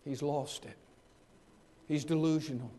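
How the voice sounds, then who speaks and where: A man preaching a sermon, acting out the people in the story and swinging between loud and soft. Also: on the high side, steady tone, a little slow. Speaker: pastor.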